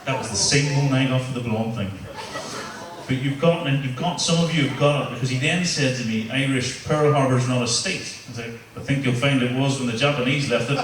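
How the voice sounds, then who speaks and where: Swearing stand-up comic in an echoey club. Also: male voice, mid-range voice, brisk, distant mic, heavy background noise. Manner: crowd-work, swearing, storytelling with punchlines. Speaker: stand-up comedian. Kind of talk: stand-up comedy set.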